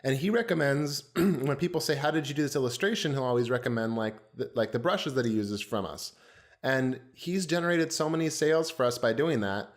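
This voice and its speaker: A man's voice: mid-range voice, fairly quick. A man co-hosting a design podcast, chatting casually with a curious, filler-heavy way of talking. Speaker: podcast co-host.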